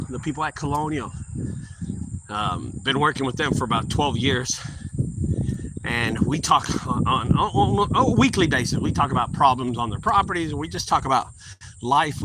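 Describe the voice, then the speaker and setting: A man's voice: mid-range voice, background noise. A middle-aged man who owns a junk removal business, rambling and repeating himself as he gives casual advice and briefly acts out his conversations with customers. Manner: rambling and repetitive, acting out short quoted exchanges.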